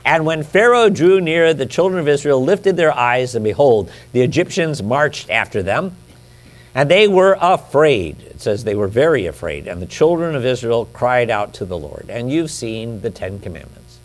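A man preaching a sermon, teaching from the Bible in a conversational way with chatty asides, then slowing down to read scripture with emphasis. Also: mid-range voice, very animated. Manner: builds to emphatic, drawn-out scripture reading. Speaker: pastor.

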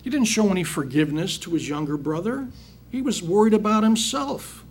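A preacher teaches a Bible passage, reading verses aloud and then paraphrasing them in plain words, punctuated by emphatic rhetorical questions. His voice is high, husky, animated, and a little fast.

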